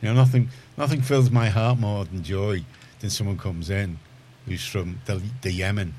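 A man's voice: lowish voice, normal speed, a little mellow, a little hiss or hum. A man from Liverpool with a Scouse accent, hosting a community radio show and chatting in a rambling way with lots of restarts. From Liverpool, England. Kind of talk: casual studio chat. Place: radio studio.

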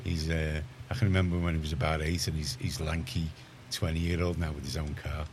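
A man's voice: a bass voice, level tone, brisk, background noise. A man from Liverpool with a Scouse accent, hosting a community radio show and chatting in a rambling way with lots of restarts. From Liverpool, England. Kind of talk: casual studio chat. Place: radio studio.

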